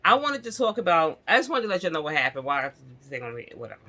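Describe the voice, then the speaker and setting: Woman vlogger. Bright voice, casual storytime delivery, animated, laughs a lot. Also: deep voice, rapid-fire. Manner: animated, laughing, addresses viewers as y'all. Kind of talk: casual storytime chat to viewers. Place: indoors at home.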